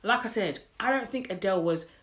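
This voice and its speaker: A woman's voice: mid-range voice, expressive, a little fast, a bit bright. A woman co-hosting a podcast, giving her views in an emphatic, opinionated way. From Britain. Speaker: podcast co-host. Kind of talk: casual chat.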